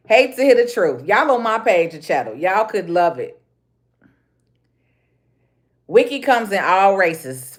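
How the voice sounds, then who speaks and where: Blunt Chicago woman ranting on a livestream. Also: mid-range voice. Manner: blunt, repetitive, street-slang. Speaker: livestream host. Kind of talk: casual livestream rant.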